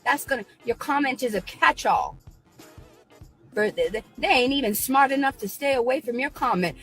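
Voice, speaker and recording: A woman's voice: high-pitched, animated, normal speed, fairly bright tone, breathy edge, faint music behind. A woman on her own live stream, ranting at critics in a combative, preachy way and repeating herself.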